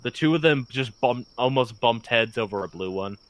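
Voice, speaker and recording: A man's voice: medium pitch, lively intonation, normal speed, fairly bright tone, poor audio. A man narrating as game master of a tabletop game in an easygoing, descriptive way.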